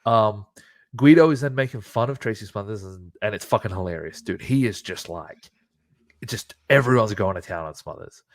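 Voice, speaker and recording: A man co-hosting a podcast, retelling a wrestling show in excited, profane casual chat. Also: on the low side, normal speed, no echo. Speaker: podcast co-host.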